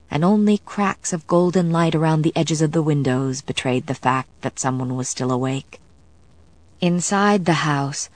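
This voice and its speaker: A woman reading an audiobook in measured, even, scripted narration. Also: low voice, no echo.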